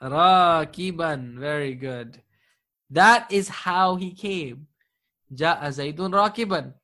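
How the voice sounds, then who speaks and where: Slow, patient male grammar teacher. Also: fairly high pitch, expressive, pushed and bright. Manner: patient, encouraging, chuckles often. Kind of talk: live online class.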